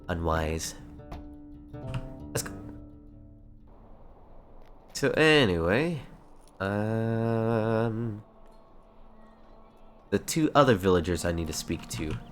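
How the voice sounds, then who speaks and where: A young man streaming a fantasy online game, chatting playfully and reading quest text aloud. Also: sits low. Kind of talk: casual live-stream commentary.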